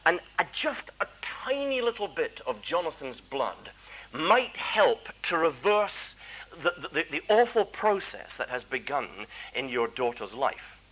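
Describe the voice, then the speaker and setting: A man voicing a brisk, businesslike doctor in a told story. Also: fairly high pitch, sing-song, fairly bright tone, full character voice, rough recording. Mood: urgent.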